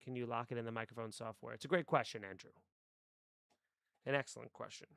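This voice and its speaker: Here a man talks fast in a steady, mid-range voice that is gravelly and a bit bright. He chats loosely with his live-stream audience, rambling as he tweaks his mic settings. The desk microphone captures clean studio audio without echo.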